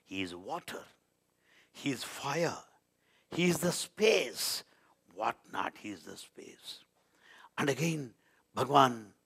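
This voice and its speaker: Slow, lively man preaching. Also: mid-range voice, vocal fry, slightly rough. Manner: dramatic, swings between loud declarations and quiet asides. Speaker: spiritual speaker. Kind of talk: devotional storytelling talk.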